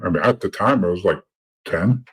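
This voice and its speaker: A man's voice: low voice, animated, moderate pace, slightly rough, poor audio. A middle-aged man telling stories from his past as a podcast guest, blunt and profane, often repeating words as he talks. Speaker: podcast guest, former informant. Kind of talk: casual storytelling.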